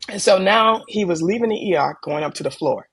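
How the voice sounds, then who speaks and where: A middle-aged woman, an emergency room doctor, telling stories from her work in a calm, candid way and livening up when she quotes people. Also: lowish voice, a little fast, breathy edge. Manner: calm, candid, animated when quoting others. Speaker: ER physician guest. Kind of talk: conversational storytelling.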